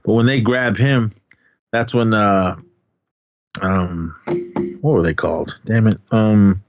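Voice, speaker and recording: A low-voiced man retells a movie scene by scene in a relaxed podcast chat, slipping into the characters' lines as he goes. The recording is dry and a little dull. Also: takes it slowly, no room sound. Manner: retells scenes, quoting characters in pitched-up voices, laughs often. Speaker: podcast co-host. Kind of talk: casual movie recap.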